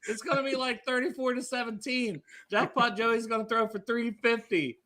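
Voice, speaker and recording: A man, co-hosting a casual sports podcast and loudly trash-talking a rival team. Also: very high-pitched, steady tone, moderate pace. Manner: loud, profane trash talk. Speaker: podcast co-host.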